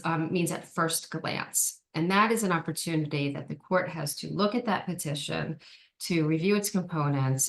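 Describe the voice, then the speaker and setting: A woman giving an online training presentation, explaining steps carefully with frequent ums and small restarts. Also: sits low. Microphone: video call.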